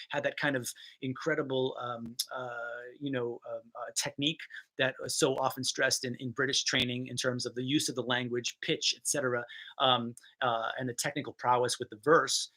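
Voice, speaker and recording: A man from Rhode Island who teaches theatre, answering viewer questions in a casual talk, thoughtful and halting, with many fillers and restarts. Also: mid-range voice, pushed and bright, poor audio. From Rhode Island, USA.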